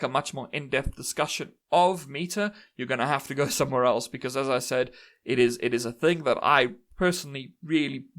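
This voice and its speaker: A man's voice: medium pitch, fairly bright tone. A man giving a casual online lecture on poetry in a chatty, self-deprecating way that often adds "right?". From South Africa.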